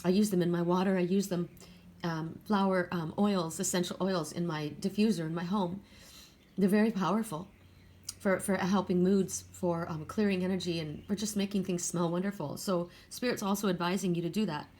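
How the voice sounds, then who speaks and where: A woman's voice: on the low side, steady tone, normal speed, a little mellow. An older woman giving a casual spoken oracle card reading, earnest and spiritual, talking straight to viewers with frequent restarts and self-corrections.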